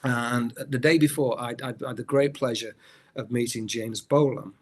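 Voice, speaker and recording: A man's voice: mid-range voice, fairly even intonation, moderate pace, a little mellow. Middle-aged man telling rambling anecdotes. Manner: rambling storyteller, many restarts. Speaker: actor guest. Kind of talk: anecdotal interview chat.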